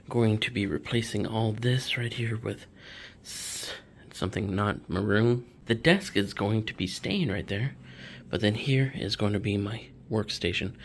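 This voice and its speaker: A man's voice: on the low side, a little hiss or hum. A young man, casually touring his home office in a vlog, his breathing audible as he talks.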